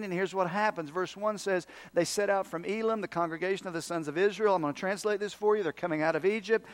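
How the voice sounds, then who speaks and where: High-voiced pastor preaching. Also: male voice. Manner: dramatic swings from loud emphasis to hushed, near-whispered asides; speeds up and slows down for emphasis. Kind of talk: sermon.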